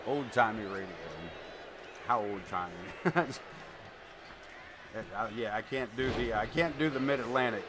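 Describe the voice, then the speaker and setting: A man streaming live, calling wrestling play-by-play and chatting casually in an excitable, rambling way, swearing now and then. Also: mid-range voice, normal speed, background noise. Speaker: streamer commentating a wrestling game. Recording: music playing behind.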